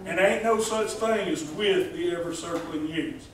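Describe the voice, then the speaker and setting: A man's voice: high-pitched, measured pace. A man preaching a folksy sermon as pastor, joking and asking the congregation questions. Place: church hall. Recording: echoey hall, distant mic.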